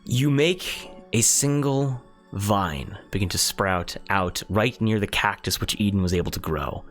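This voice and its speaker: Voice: low voice, a little slow, faint music behind. A game master narrating a tabletop game in a casual way, full of "like" and "kinda". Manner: casual, lots of likes and kindas.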